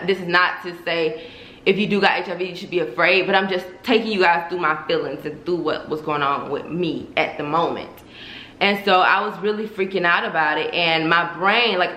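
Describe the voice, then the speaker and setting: A woman's voice: fairly low pitch, pushed and bright. A young woman vlogging casually to her viewers, candid and profane, calling them y'all. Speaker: YouTuber. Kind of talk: casual vlog confession to viewers. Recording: echoey room.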